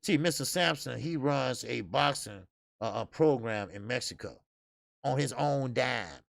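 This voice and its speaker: A man's voice: mid-range voice, expressive, unhurried, gravelly, no room sound, clean studio sound. A man hosting a casual boxing talk show, loose and profane, laughing at his own stories. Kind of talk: casual solo boxing commentary.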